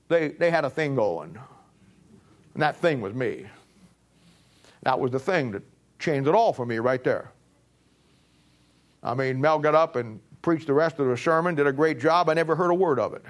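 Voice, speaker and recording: A middle-aged man preaches, recounting his own story with a voice that sits high. He swings between emphatic, pushed peaks and low, quiet passages as he drives a point home. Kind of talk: sermon testimony.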